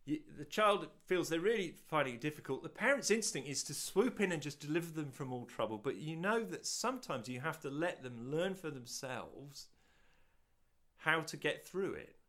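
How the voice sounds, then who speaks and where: A man preaching a sermon to an audience watching on video, asking rhetorical questions, swelling to loud peaks and dropping to hushed, slow lines. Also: on the high side.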